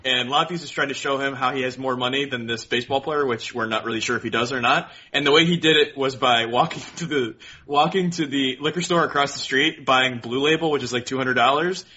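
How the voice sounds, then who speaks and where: A man co-hosting a casual podcast, telling animated stories with frequent laughs and high-pitched quoted voices. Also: fairly quick. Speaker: podcast co-host. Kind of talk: casual chat, storytelling. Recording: dull lo-fi audio.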